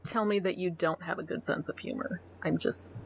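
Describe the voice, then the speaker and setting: A woman's voice: fairly low pitch, steady tone, fairly quick, creaky, slight background noise. A middle-aged woman co-hosting a podcast in casual chat, reading a dating profile aloud with blunt, sarcastic comments and free swearing. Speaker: podcast co-host.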